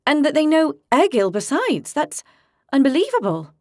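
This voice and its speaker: A woman voicing a sharp-tongued young redheaded woman fighter who answers with sarcastic, quick retorts. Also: high voice, sing-song, no room sound, studio quality, pitched above the performer's own voice.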